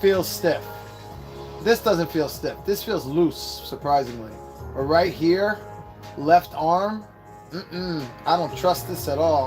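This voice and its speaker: A man's voice: a little high, takes it slowly. A man hosting a casual live unboxing, rambling and swearing as he chats with his viewers. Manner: rambling, profane, chatty with viewers. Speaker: host. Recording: clear background music. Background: music.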